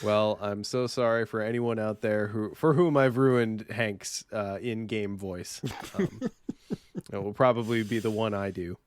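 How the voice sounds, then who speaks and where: A man's voice: lowish voice, measured pace, clear, resonant tone, dry recording. A man co-hosting a podcast, chatting casually about a card game with rambling, self-deprecating asides. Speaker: podcast co-host.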